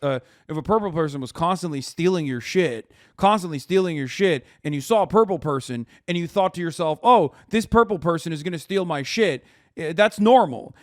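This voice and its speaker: A man's voice: mid-range voice, dry recording, clean studio sound. A man streamer in his thirties giving casual, joking reaction commentary, cursing and laughing freely. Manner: animated, joking, swears casually.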